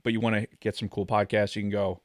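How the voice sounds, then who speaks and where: A man with a fairly low voice that sounds tired and strained, co-hosting a casual podcast. He talks in an easygoing way with plenty of curses. The sound is dry and close on a podcast mic. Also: little pitch movement, quick pace, dry recording. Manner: laid-back, swears freely. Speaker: podcast co-host.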